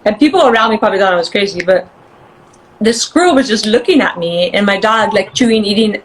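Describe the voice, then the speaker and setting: A woman guest in a casual interview chat, bubbly and quick to laugh, acting out voices as she tells stories. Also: mid-range voice, animated, low-quality recording.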